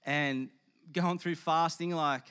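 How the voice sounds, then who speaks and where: A male preacher talks in a relaxed, joking way, asking the crowd for hands up and telling loose stories. His voice sits a little high for a man and stays conversational throughout. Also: slow, clean tone. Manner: chatty, joking, addresses the audience. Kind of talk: casual sermon. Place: hall with audience.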